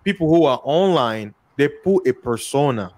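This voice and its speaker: A man with a Congolese accent talks in a relaxed, unscripted conversation. His voice sits at an ordinary middle pitch. He repeats words as he searches for the next thought. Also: normal speed. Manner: repeats words often and tells stories by acting out both sides of a dialogue. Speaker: guest in a podcast conversation. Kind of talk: casual discussion.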